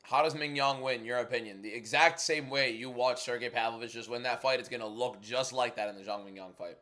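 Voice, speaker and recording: A man's voice: medium pitch, fairly even intonation, pushed and bright. Young man chatting on a fight watchalong. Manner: chatty, frank, quick opinions, reads viewer questions aloud. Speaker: livestream host. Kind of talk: casual watchalong chat, answering chat.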